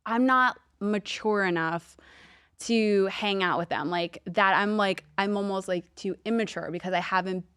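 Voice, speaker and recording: A woman's voice: medium pitch, unhurried, fairly bright tone, smooth, dry recording, studio quality. A woman in her thirties from Long Island with a light Long Island accent, chatting casually as a podcast guest, with many "like" fillers. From Long Island, New York. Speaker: podcast guest, TV lifestyle host. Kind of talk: casual chat.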